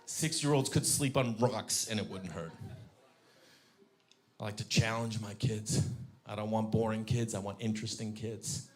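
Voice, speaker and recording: A man in his thirties doing stand-up about his kids, telling it deadpan and jumping into high shrill voices for them. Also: moderate pace. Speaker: stand-up comedian. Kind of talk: stand-up comedy. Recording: live club show with faint crowd noise.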